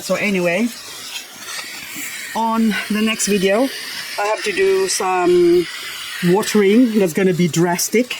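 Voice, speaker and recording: A woman at a middle pitch chatting her way around her garden as she works, often turning to coo at her plants. Her talk is loose and easy, full of asides. A faint noise sits under her voice outdoors. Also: lively intonation, takes it slowly, long pauses. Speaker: gardening vlogger. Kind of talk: casual chat while working.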